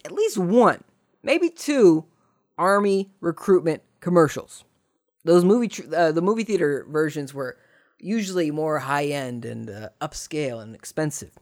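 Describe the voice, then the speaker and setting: A man in his thirties telling a personal story casually, sarcastic and rambling with fillers and restarts. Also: a little high.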